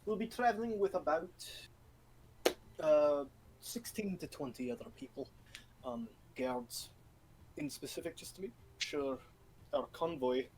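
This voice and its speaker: A man's voice: a little high, darkish tone, a little hiss or hum, low-quality recording. A man voicing a weary middle-aged convoy leader who is a devoted father, speaking in a dry, matter-of-fact way.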